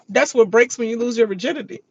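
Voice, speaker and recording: A woman hosting a casual reaction rant, animated and laughing, mocking others in loose casual speech. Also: a little high, fast, husky, no echo, lo-fi sound. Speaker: reaction video host.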